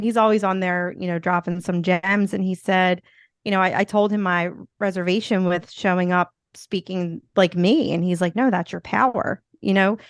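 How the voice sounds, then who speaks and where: Smooth-voiced woman with a Philly accent. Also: mid-range voice, dry recording, studio quality. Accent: Philadelphia. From Philadelphia, USA. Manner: upbeat, rambling with many "you know" fillers. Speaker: podcast guest, motivational speaker. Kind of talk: casual interview chat.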